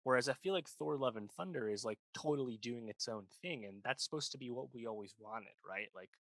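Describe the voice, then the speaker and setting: A podcast co-host with a medium-pitched, slightly bright voice talks fairly quickly in a casual film review chat. He rambles and uses lots of fillers, with no echo on the recording.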